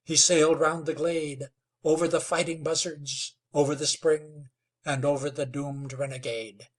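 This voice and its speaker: A man narrating a western novel in a slow, dramatic storytelling manner. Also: on the high side, level tone. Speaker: audiobook narrator. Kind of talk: scripted narration.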